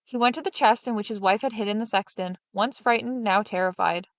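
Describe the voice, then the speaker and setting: A woman narrating a fairy tale in a steady, even storyteller's voice of middle pitch. The recording is dry and close. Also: fairly quick, dry recording.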